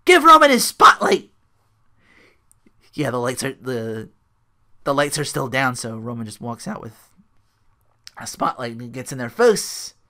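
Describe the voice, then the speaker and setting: A man's voice: medium pitch, unhurried, pauses often, a bit bright. A man hosting a solo podcast, recapping a wrestling show in a rambling way full of likes and restarts. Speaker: podcast host.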